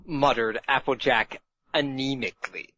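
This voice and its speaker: A man's voice: mid-range voice, steady tone, unhurried, sharp tone, no echo. A man narrating a story aloud in a casual way, dry and pedantic, bantering in between. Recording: muffled lo-fi audio.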